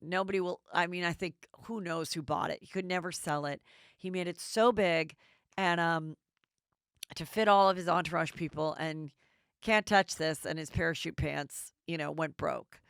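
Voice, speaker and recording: A woman's voice: on the low side, fairly even intonation, moderate pace, creaky, clear, resonant tone, no echo, studio quality. A woman hosting a gossip podcast, chatting bluntly and casually and swearing freely. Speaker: podcast host.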